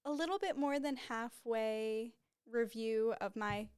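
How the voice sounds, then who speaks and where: A twenty-something woman talks unhurriedly on her casual solo podcast, rambling and openly emotional. Close to her podcast microphone, her slightly high voice comes through smooth and clear in a dead, dry small studio with a white backdrop and no echo.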